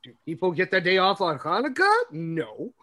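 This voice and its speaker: A man from the West Coast telling stories in a casual podcast chat, animated and swearing. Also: sits high, normal speed. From West Coast, USA.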